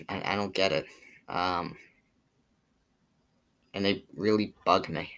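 Deep-voiced teen guy ranting casually. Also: steady tone, takes it slowly, a bit bright. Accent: Boston. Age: teens. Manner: rambling, filler-heavy, mildly exasperated. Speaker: vlogger. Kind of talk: casual monologue ranting about pet peeves.

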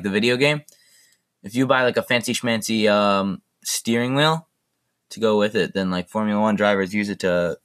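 A young man hosts a casual solo podcast, chatting enthusiastically and rambling with lots of fillers. His voice is lowish and a bit bright.

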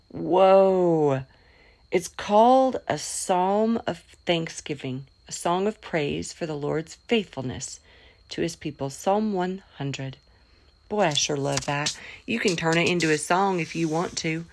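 A middle-aged woman, her voice sitting on the low side. She talks in a devotional podcast style, prayerful and warm, then breaks into excited exclamations. Her throat sounds a little rough. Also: slow pace, no echo. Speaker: podcast host.

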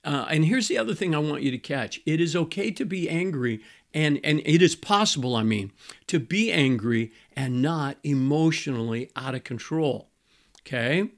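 A middle-aged man with a slightly higher voice talks like a pastor teaching a small group. He is relaxed and chatty, repeats his main points, and slows down on the words that matter. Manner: conversational, repeats key phrases, slows for emphasis. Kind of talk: teaching talk on marriage.

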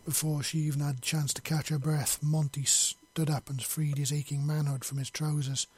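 A man's voice: on the high side, flat delivery, normal speed, husky. A man reading a long fantasy story aloud in an unpolished way, with slips and self-corrections. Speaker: story reader. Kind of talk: reading his own fiction aloud.

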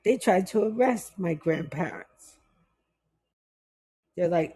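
Slow, breathy middle-aged woman telling stories. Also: on the low side. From West Indies. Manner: animated, acts out the people in her stories. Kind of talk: casual storytelling chat.

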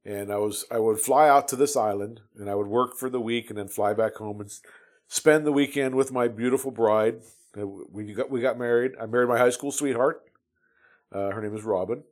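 A man's voice: medium pitch, fairly quick. Rambling middle-aged man telling a story. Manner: rambling, with many restarts and fillers. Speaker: Navy veteran telling his story. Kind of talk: casual storytelling.

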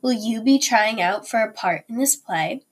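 Excited young girl in a storybook read-aloud, lifts her voice up high, as a teacher reads her. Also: moderate pace, slightly rough. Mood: eager. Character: eager twelve-year-old girl.

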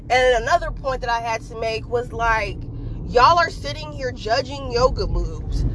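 A woman's voice: sits high, noisy background. A young woman ranting casually and bluntly to her viewers, swearing freely and filling her talk with "like". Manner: profane, blunt, heated, lots of "like" fillers. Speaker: vlogger.

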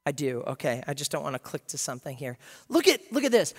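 Lively preaching man in a hall. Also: on the high side, fast talker. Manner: lively, humorous, acts out scenes. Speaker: pastor. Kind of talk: sermon.

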